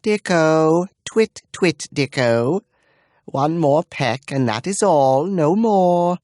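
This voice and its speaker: A man voicing a clever, haughty older lady-in-waiting who talks crisply and with command. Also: fairly high pitch, expressive, takes it slowly, a little mellow, no room sound, studio quality, voice pushed up. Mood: doting. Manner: crisp commanding, doting to a bird.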